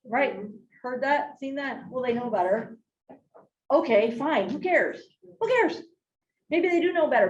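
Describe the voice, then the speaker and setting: Animated woman training a room. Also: sits high, lo-fi sound. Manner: animated, laughing, addresses the audience directly. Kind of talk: storytelling in a training talk. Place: large room with an audience. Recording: echoey room, voice from a distance.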